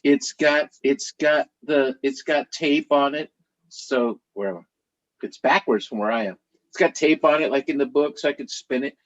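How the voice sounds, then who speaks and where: A middle-aged man telling stories to a live audience in an animated, chatty way, laughing now and then as he talks. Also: medium pitch, normal speed, dull audio. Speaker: author.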